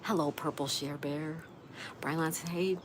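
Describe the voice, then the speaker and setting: A woman with a low voice speaks at a measured pace while hosting a casual live stream. She chats, reads viewer comments aloud, and greets each person by name, with steady background noise throughout.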